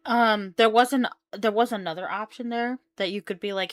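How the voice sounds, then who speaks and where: A woman's voice: medium pitch, fairly even intonation, moderate pace, few pauses, no echo. A woman giving chatty, joking commentary while playing a video game. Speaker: gamer. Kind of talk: casual gameplay commentary.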